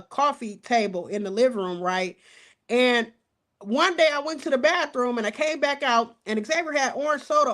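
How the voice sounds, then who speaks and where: A woman in her forties giving fired-up casual commentary on a crime case, outspoken and animated, talking straight to her viewers and cussing as she goes. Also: high-pitched. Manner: animated, outspoken, cusses and addresses viewers as y'all.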